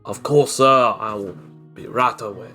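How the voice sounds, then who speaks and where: A man voicing a haughty male shopkeeper with a put-on foreign accent, speaking formally and condescendingly with halting pauses. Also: on the low side, bright, forceful tone, faint music behind.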